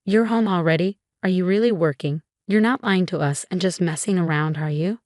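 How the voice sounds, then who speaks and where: A domineering middle-aged mother-in-law from a read-aloud story snaps out cold, scornful orders, as a woman narrator puts her on. The voice sits fairly low and close, with almost no room sound. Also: fairly quick, a little mellow, no room sound, natural voice.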